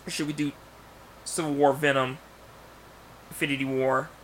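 A man in casual podcast chat, pitching a movie plot in rambling bursts with many restarts. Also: level tone, normal speed, slight background noise. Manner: rambling storyteller, many restarts, bursts of loud acted lines. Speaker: podcast co-host.

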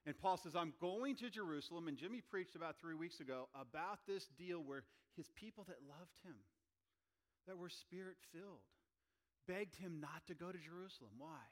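Man, pastor preaching a sermon, somewhat high voice, animated delivery, acts out quoted voices. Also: normal speed.

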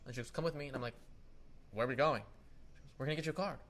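A young man co-hosts a casual podcast, speaking at medium pitch and a rapid-fire pace against a noisy background. He tells a heated story in an animated way, acting out quotes and swearing a lot.

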